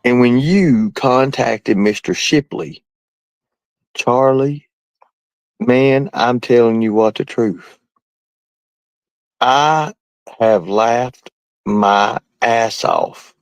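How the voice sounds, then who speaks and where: A man's voice: medium pitch, extremely slow, pauses often, no room sound. A man livestreaming, talking to his viewers in a rambling, mocking, folksy way. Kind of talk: casual livestream rant.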